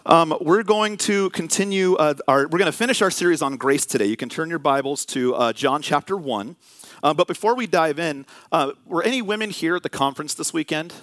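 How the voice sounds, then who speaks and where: A man's voice: a little high, a little fast, no room sound. Conversational man preaching, dry sound. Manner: conversational, animated storytelling with many fillers. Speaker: pastor. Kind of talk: sermon. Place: church sanctuary.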